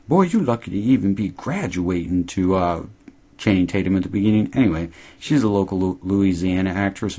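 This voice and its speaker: A man casually recapping a TV episode, rambling and swearing, quoting characters in high mocking voices. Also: darkish tone. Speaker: podcast host recapping a TV episode. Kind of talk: casual chat.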